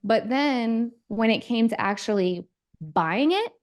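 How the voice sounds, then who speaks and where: A woman on a podcast telling a story in a chatty way, with quick asides. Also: a little high, animated. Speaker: podcast co-host. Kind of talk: casual podcast chat.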